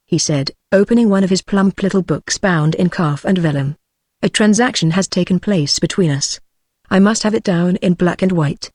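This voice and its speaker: A text-to-speech woman's voice with a British English accent, reading a classic novel aloud at a steady, measured pace without voicing the characters. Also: lowish voice, dry recording, clean studio sound. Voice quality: synthetic, evenly paced. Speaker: audiobook narrator.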